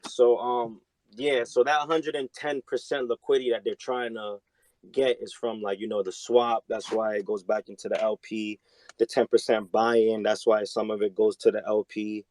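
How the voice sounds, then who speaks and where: A man's voice: lowish voice, level tone, normal speed, a little mellow, no room sound, poor audio. A man defending his crypto project in a casual debate, slangy and defensive. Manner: defensive, slangy, says "bro".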